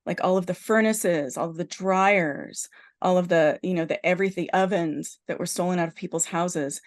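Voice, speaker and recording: A woman podcast host in casual chat, animatedly retelling a horror film's plot with lots of "like" and restarts. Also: lowish voice. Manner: animated storyteller, heavy use of "like" and restarts.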